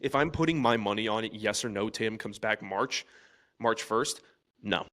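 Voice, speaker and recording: A man co-hosting a sports podcast, arguing in an animated way with frequent restarts. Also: fairly low pitch, moderate pace. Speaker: podcast co-host. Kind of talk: casual sports chat.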